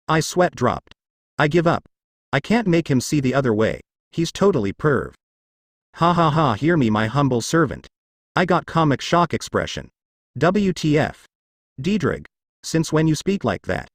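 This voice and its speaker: Lively synthetic male fanfic reader. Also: on the high side, normal speed, no room sound, clean studio sound. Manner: reads spelled-out letters and punctuation literally. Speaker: narrator. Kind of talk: text-to-speech fanfic reading.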